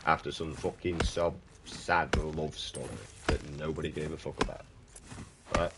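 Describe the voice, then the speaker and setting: A young British man with a very deep voice, swearing and ranting casually while chatting to viewers on a stream. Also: little pitch movement, measured pace, very noisy. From United Kingdom. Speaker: gaming streamer. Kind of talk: casual livestream chat.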